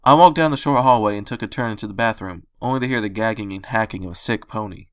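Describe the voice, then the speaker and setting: Male narrator reading fan fiction, lowish and smooth, dry close mic, steady first-person storytelling. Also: fast talker, no echo.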